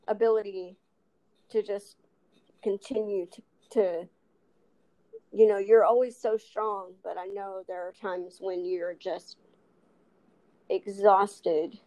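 A young woman host from New Mexico, raised in Texas, who has a speech impediment and talks warmly in a rambling way full of restarts. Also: medium pitch, slow, pauses often, poor audio. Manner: rambling, with many restarts and laughs. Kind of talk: casual heartfelt chat.

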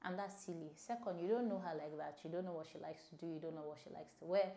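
A young woman hosting her own podcast, animated and opinionated, talking with a smile in her voice. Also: deep voice, quick pace, echoey room. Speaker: podcast host. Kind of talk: solo podcast commentary.

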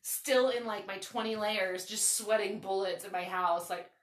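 A woman hosting a podcast, telling a story in a casual, animated, foul-mouthed way. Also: mid-range voice, moderate pace, roomy sound, distant mic. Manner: animated, swearing, lots of "like". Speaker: podcast host.

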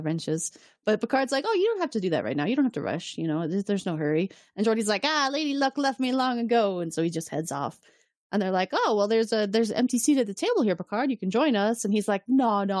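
Animated woman recapping with lively pitch. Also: quick pace, no room sound, clean studio sound. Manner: animated storytelling, acts out characters' lines. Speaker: podcast co-host recapping episodes. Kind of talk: casual chat.

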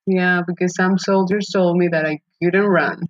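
Animated laughing woman telling a story. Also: lowish voice, normal speed, lo-fi sound. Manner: animated, laughs often, restarts sentences. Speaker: podcast guest. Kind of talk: casual storytelling.

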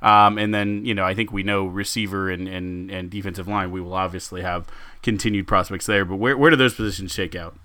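A man's voice: low voice, steady tone, brisk, bright, forceful tone, clean tone, no echo. A man hosting a podcast, joking lightly and stumbling a little as he builds long questions. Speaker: podcast host. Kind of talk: casual podcast chat.

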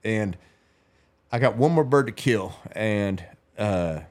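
A man's voice: on the low side, animated, slow pace, a little mellow. A man, telling a long story as a podcast guest, rambling and laughing as he goes. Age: 40s. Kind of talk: casual storytelling.

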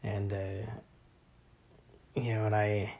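A father in his thirties talks casually about home life, wandering from thought to thought with plenty of fillers. His voice sits low and stays fairly level in pitch. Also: flat delivery, slow, a little mellow. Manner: rambling, many fillers and restarts. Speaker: father of young boys. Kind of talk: casual family vlog talk.

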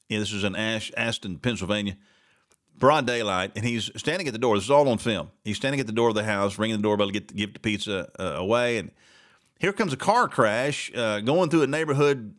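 A man's voice: medium pitch, fairly bright tone. Male talk host, solo opinion commentary, sarcastic and mocking, stumbles and repeats words.

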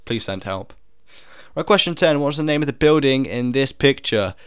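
A young man talks his way through a quiz, joking, punning and doubting his own answers. His voice is smooth and resonant at a middling pitch. The recording is dry, with no room sound. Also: lively intonation, normal speed, fairly bright tone, dry recording. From United Kingdom. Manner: jokey, punning, second-guesses aloud. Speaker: video creator doing a quiz. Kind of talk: casual commentary while taking an online quiz.

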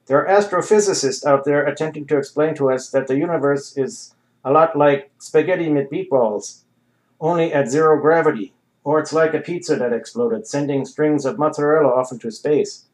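Agitated middle-aged rambler, ranting, voice pitched up, read by a male narrator. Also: moderate pace, close to an everyday voice. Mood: rambling.

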